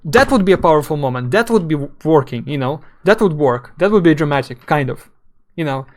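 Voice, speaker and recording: Halting, word-searching man streamer. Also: fairly high pitch, expressive. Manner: rambling, halting, searching for words. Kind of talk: casual live game commentary.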